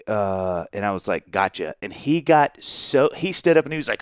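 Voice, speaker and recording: A man co-hosting a podcast, telling a long story in an animated way, acting out the voices of the people in it and laughing often. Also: medium pitch, normal speed, hardly any pauses, clean tone, dry recording, clean studio sound. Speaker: podcast co-host. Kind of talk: casual storytelling chat.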